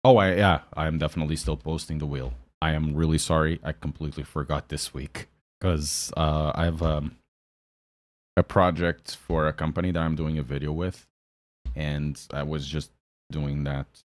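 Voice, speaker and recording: A man's voice: extremely low pitch, fairly even intonation, normal speed, dry recording. A man with a Portuguese accent chatting casually on a live stream, joking and answering chat as he drives a sim race.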